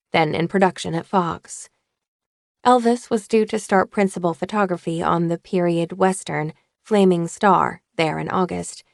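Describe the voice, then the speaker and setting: A woman reads an audiobook with a lowish voice and a gravelly, fry-tinged texture. Her delivery is measured and even. The sound is dry and close, with no room around it. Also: no room sound. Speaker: audiobook narrator. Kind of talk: scripted audiobook narration.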